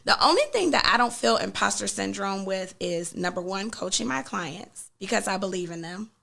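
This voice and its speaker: A woman book coach talking as a guest in an interview, animated and acting out what her clients say. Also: medium pitch, moderate pace, creaky.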